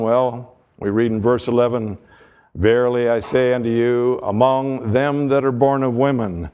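A male pastor preaching a sermon in a measured delivery, mixing scripture with folksy humor. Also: medium pitch, darkish tone, dull audio.

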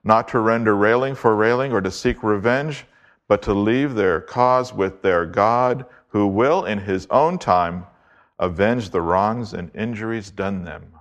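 A man preaching an expository sermon, reading scripture aloud and slowing down to stress key words. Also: lowish voice. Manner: emphatic, deliberate, slows to stress key words.

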